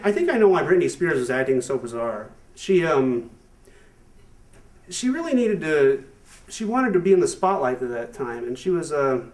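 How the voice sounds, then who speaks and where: A man doing a stand-up comedy set, rambling and self-amused with lots of fillers and restarts, now and then jumping into high squeaky voices for his bits. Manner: breaks into high squeaky put-on voices for jokes. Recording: distant mic, far from the speaker.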